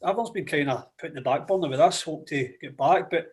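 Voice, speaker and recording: A man's voice: on the high side, fast. A Scottish man, an assistant football manager, telling cheeky swearing stories in casual chat. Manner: animated, swearing anecdotes. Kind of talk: casual storytelling.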